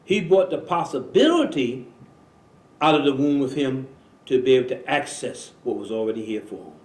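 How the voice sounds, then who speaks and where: A man hosting a religious talk show, preaching in a slow, emphatic way with repeated phrases. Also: medium pitch, expressive, darkish tone, reverberant, poor audio. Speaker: imam and show host. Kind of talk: religious talk radio conversation.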